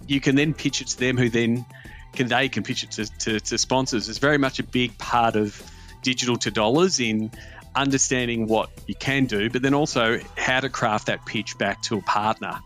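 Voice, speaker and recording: A man hosting a podcast, wrapping up in a relaxed, off-the-cuff way with ums and repeated words. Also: mid-range voice, normal speed, faint music behind. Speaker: podcast host. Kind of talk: casual podcast wrap-up talk.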